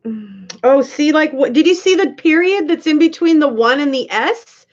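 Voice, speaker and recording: A woman's voice: high-pitched, expressive, moderate pace, lo-fi sound. A woman hosting a live stream, chatting casually, giggling and reading viewers' comments aloud.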